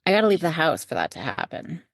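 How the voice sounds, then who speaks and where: A woman's voice: low voice, very animated, fast, vocal fry, dry recording, studio quality. A woman co-hosting a podcast, talking casually and self-deprecatingly. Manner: self-deprecating, plain-spoken. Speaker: podcast co-host. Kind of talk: casual chat.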